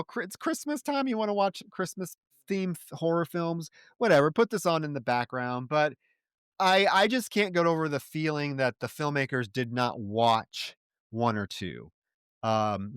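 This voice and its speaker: Male podcast co-host, smooth voice, dry close mic, profane and exasperated recapping. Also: a little high, a bit bright, no room sound. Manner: profane, exasperated, mocks characters' lines. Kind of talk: casual film review chat.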